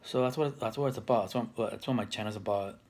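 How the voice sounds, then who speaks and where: Talking to camera on his channel, a man in his thirties rambles casually, restarting often and filling gaps with fillers. His voice is on the low side and a little mellow, and he talks at a quick pace.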